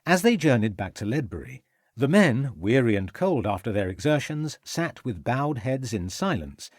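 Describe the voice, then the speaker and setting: Male audiobook narrator, expressive and dramatic, husky voice with lively pitch. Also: dry recording, studio quality.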